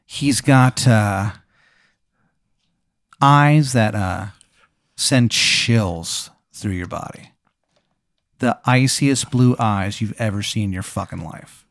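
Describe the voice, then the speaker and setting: Posing a hypothetical on his podcast, this man riffs into improvised comic storytelling that's rambling, profane, full of fillers and goofy voices. He speaks slowly on the low side and pauses often. The studio sound is clean, with no room sound.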